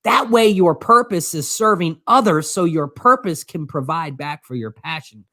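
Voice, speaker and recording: A man's voice: on the high side, moderate pace, pushed and bright, no room sound, clean studio sound. A man co-hosting a casual motivational talk show, talking earnestly with many restarts and stumbles. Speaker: show co-host.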